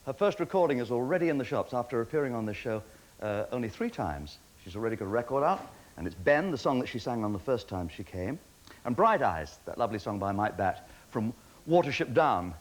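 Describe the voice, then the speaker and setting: A man hosting a television talent show, joking in lively patter with chuckling asides. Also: medium pitch, brisk. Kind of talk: TV host patter with jokes.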